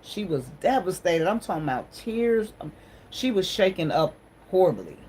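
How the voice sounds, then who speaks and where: Woman from Ohio, livestream host, low-leaning voice, encouraging, preachy, casual; faint room noise. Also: animated, moderate pace, rough recording. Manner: warm, encouraging, sermon-like. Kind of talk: casual livestream chat with viewers.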